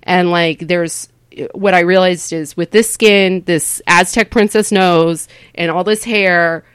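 A woman stand-up comedian from Southern California, a podcast guest rambling through stories in animated, casual interview chat. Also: fairly low pitch, slow, clean tone, dry recording.

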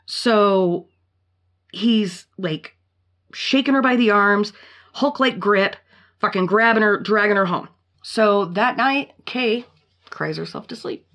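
A woman hosting a casual podcast, retelling a story in a blunt, profane, animated way. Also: mid-range voice, slow. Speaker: podcast host.

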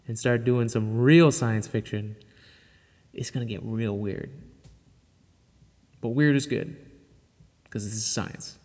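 A podcast host with a medium-pitched voice and a big-room sound does casual solo podcast talk. His manner is loose, chatty and enthusiastic, peppered with laughs and offhand swearing.

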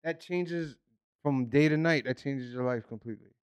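A man's voice: medium pitch, normal speed, clean tone, dry recording. A man from Newburgh, New York, a guest musician earnestly telling stories in a casual podcast chat, with many "like" fillers.

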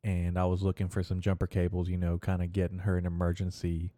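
A man's voice: deep voice, completely flat delivery, fast talker, dark tone, dry recording, clean studio sound. A young man hosting a podcast, telling rambling stories about shopping trips and swearing a lot as he gets worked up. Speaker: podcast host. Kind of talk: casual storytelling rant.

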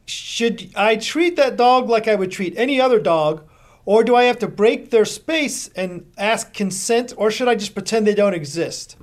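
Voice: mid-range voice, animated, normal speed. A person hosting an interview, asking long, meandering questions with frequent hesitations. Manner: rambling, hesitant questions with many "um"s. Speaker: podcast host.

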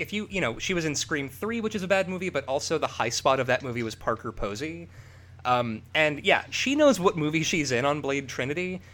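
A man co-hosting a casual podcast, riffing and swearing freely as he talks. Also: on the high side. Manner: profane, animated, riffing with laughs. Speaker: podcast co-host. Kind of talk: casual chat.

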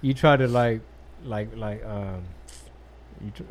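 A man's voice: on the low side, takes it slowly. A man joking in casual chat, mimicking voices in short quips.

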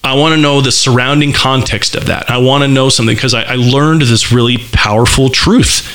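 A man's voice: mid-range voice, a little fast, clean tone. A man casually telling a personal story in conversation, candid and loose, with lots of fillers and restarts. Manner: vivid, animated description.

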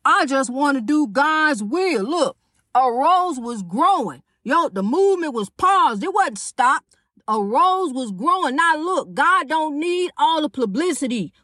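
Podcast host, woman in her 50s, high voice, preachy and repetitive, dry sound. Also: a bit bright, no room sound. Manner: preachy, repetitive, calls listeners honey. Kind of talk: casual preachy monologue.

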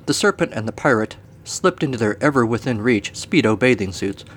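A man's voice: mid-range voice, lively intonation, a little fast. A man hosting a podcast segment, telling a comic story in a dry, wry way. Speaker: storyteller host.

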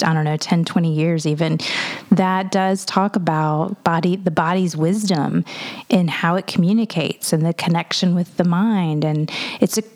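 Female coach and co-host with a somewhat low voice, musing and searching for words in an easy podcast chat. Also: darkish tone. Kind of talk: reflective podcast conversation.

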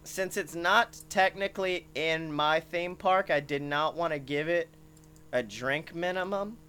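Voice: mid-range voice, unhurried, slight background noise. Comedian, casual rambling storyteller, profane. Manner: rambling, animated, peppered with "like" and swearing. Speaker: podcast comedian. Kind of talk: comic storytelling.

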